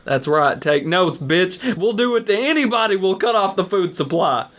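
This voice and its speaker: Young man, animated jokester co-host, higher voice. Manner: joking, teasing, quick to laugh. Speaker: podcast co-host. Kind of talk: casual podcast banter.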